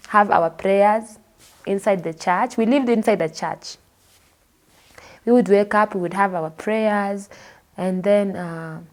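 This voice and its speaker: A woman from Kenya with a Kenyan accent, a guest telling her personal story in an expressive way and acting out the people she quotes. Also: mid-range voice. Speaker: interview guest.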